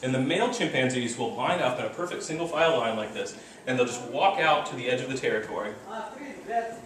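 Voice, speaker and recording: A man giving a lively university lecture, now and then acting out animal calls. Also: mid-range voice, fairly quick, crowd noise. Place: large lecture hall. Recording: echoey lecture hall, distant mic, background noise.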